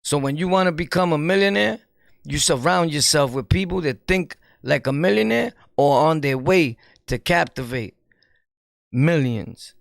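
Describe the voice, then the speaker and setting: A man with a New York accent, a streamer giving an animated, preachy commentary in street slang and laughing often. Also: fairly high pitch, normal speed, vocal fry, dry recording, studio quality. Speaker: streamer and YouTuber. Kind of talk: casual commentary monologue.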